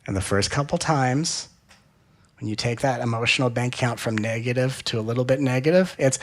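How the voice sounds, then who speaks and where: A man giving a spiritual talk in an animated, playful way, often acting out little dialogues. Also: medium pitch, a little fast. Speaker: spiritual teacher.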